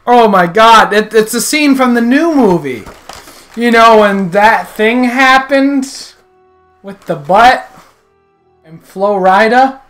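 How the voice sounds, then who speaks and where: Brief: male gamer, high and bright, excitable trash-talking commentary. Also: slow, soft background music. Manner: excitable, jokey trash talk. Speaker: video game player. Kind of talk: casual gameplay commentary.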